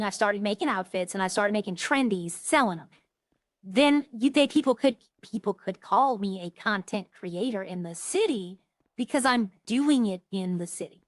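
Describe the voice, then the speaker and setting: A woman streamer talks casually while she plays, rambling from one story to the next. Her voice sits a little high. The sound is close and dry. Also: no room sound. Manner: rambling, chatty, animated when retelling stories. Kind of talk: casual chat while streaming a role-play game.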